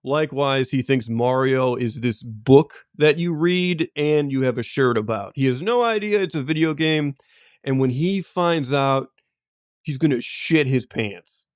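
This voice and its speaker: A man's voice: mid-range voice, unhurried, dry recording. Man, podcast co-host, casual chat, rambling, laughing asides, dry close sound.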